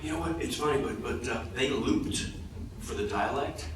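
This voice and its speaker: A man in his forties telling profane comic stories as a convention panel guest, animated and laughing through his anecdotes. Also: medium pitch, moderate pace. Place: large convention hall. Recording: echoey hall recorded from far off with crowd noise.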